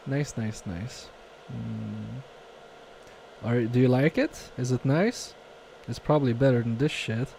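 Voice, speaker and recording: A man talks unhurriedly in a mellow, darker tone while he solders and chats on a live stream. He reads viewer comments aloud, mutters to himself and pokes fun at his own mistakes. A faint hiss sits under his voice at his home workbench. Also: medium pitch, slow pace, vocal fry. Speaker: live-stream repair technician.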